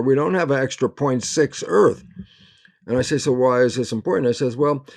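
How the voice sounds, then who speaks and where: A man's voice: medium pitch, a little mellow. An older man, a biologist guest in an interview, talking earnestly and emphatically and acting out little quoted exchanges as he goes. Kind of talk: animated interview talk.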